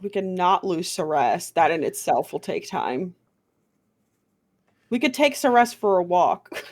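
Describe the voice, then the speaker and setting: A woman at a tabletop game who talks very slowly, drawing out her musing remarks. Her pitch leaps widely from word to word. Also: very animated, darkish tone. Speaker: player. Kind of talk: casual tabletop table talk.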